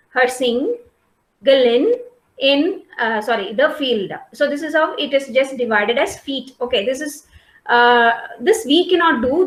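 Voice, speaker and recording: Here a female lecturer's high, slightly bright voice echoes around the room as she teaches. Patient throughout, she leans on fillers, goes over things again and asks whether her class is keeping up.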